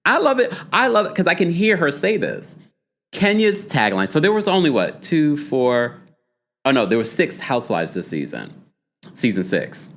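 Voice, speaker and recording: A man's voice: on the high side, normal speed. A man hosting a reality TV recap stream, chatty and laughing, reading chat comments and acting out taglines. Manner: animated, laughing, reads chat comments aloud; puts on a dramatic voice to read taglines. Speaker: host.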